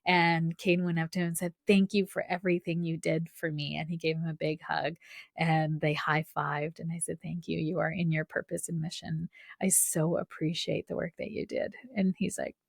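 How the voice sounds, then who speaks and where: A woman's voice: low voice, flat delivery, moderate pace, creaky, dry recording, studio quality. A woman hosting a spiritual podcast, telling a personal story in a chatty, casual way with lots of fillers and restarts. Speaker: podcast host.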